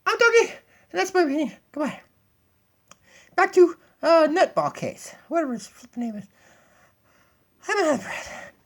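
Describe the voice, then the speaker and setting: A man's voice: extremely high pitch, sing-song, moderate pace, pauses often, voice pushed up, full character voice. A man voicing a bossy female puppet dog who calls herself empress, rambling and giddy with laughs, recorded on a tablet in a home kitchen. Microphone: tablet built-in mic.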